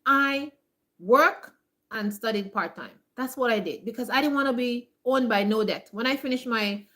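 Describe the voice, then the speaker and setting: Sounding kinda high and sharp, a homesteading vlogger rants to her audience in a casual motivational talk. She's emphatic, says things more than once, keeps dropping "like," and briefly acts out other people's voices.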